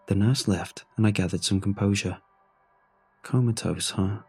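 Somber husky-voiced male horror narrator. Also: fairly low pitch, warm tone, soft background music. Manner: somber, measured first-person telling. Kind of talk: scripted horror story narration.

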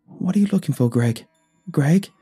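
A woman's voice: deep voice, expressive, normal speed, mellow, slightly rough, soft background music, pitched above the performer's own voice, exaggerated voice. A man voicing a frantic young woman lab colleague who pleads in rising, panicked questions. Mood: worried, frantic.

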